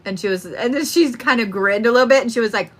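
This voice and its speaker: A young woman with a fairly high voice and quick pace gives a casual psychic reading on a live stream. The medium laughs often and swears freely.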